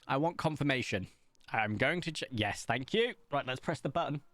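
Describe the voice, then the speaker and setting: A man's voice: mid-range voice, lively intonation, normal speed, a bit bright, faint music behind. A man from Somerset with a posh English accent, chatting casually and rambling through stories while streaming a game. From England, Somerset. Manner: rambling anecdotal storytelling with frequent ums. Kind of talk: casual chat while gaming.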